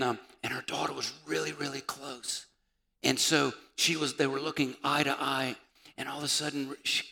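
Impassioned preacher with a bright, gravelly voice. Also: male voice, mid-range voice. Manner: impassioned preaching, rising to shouts. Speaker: pastor. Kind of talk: sermon. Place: church sanctuary. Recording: reverberant church hall.

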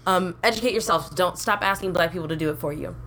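Young woman podcast co-host, low voice, blunt and profane, faint noise behind. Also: quick pace, a bit bright. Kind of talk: casual chat.

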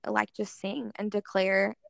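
A woman's voice: mid-range voice, flat delivery, a little slow, vocal fry, dry recording. A young woman telling a personal faith story in a casual interview, earnest and full of "like" fillers. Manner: earnest, heavy use of "like" as filler. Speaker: guest speaker in worship ministry.

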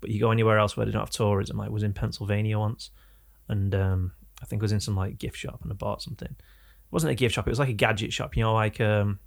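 A man's voice: fairly low pitch, steady tone, fast, gravelly, few pauses. A young man with an Oldham accent, co-hosting a podcast and telling rambling anecdotes in casual chat. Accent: Oldham, northern English. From England. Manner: rambling anecdotes, self-correcting. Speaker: podcast co-host.

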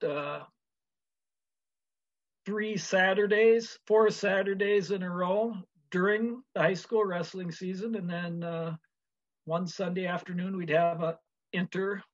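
A man from Minnesota, a wrestling official, talking as a guest in a measured way with many pauses. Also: sits high, lo-fi sound. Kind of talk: casual interview chat.

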